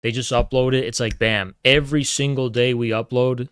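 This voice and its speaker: Smooth-voiced profane streaming man. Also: medium pitch, steady tone, moderate pace, fairly bright tone, no room sound, clean studio sound. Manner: profane, taunting, mock-grandiose. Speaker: livestream host. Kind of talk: casual streaming rant.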